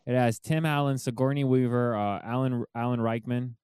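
A man joking around in casual banter, excitable and swearing. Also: mid-range voice, moderate pace, smooth, no echo, studio quality.

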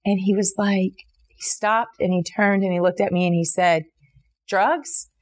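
A middle-aged woman earnestly telling a personal story in an interview, with fillers and restarts, acting out the voices in what people said. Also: normal speed. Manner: earnest, animated retelling with many fillers and restarts; voices others in quotes, jumping high for her own reactions.

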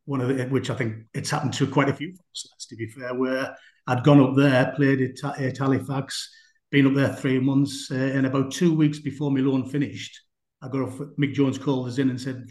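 Chatty ex-footballer, roomy sound. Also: male voice, mid-range voice, flat delivery, normal speed, a little mellow. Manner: chatty, rambling, with many fillers. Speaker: former footballer guest. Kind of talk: anecdotal storytelling in a conversation. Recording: roomy echo.

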